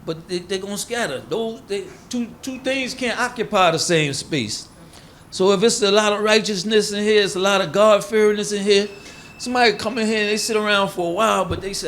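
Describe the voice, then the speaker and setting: Colloquial preaching man, higher voice. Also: brisk, a bit bright, slight background noise. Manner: folksy, colloquial preaching with acted-out quotes. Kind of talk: sermon explaining proverbs.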